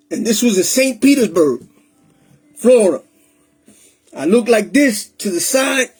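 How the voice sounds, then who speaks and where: A man recounts his own testimony in a high, husky voice. He talks in a streetwise, emotional way and slips Spanish phrases into his English. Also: a little mellow. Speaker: testimony speaker. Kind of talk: personal testimony storytelling.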